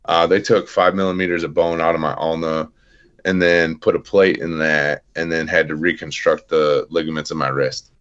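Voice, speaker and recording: A man's voice: rumbling low, little pitch movement, normal speed, a bit bright, highs cut off. A man in his thirties, a veteran guest on an interview podcast, telling his story plainly in a casual, self-deprecating way. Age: 30s.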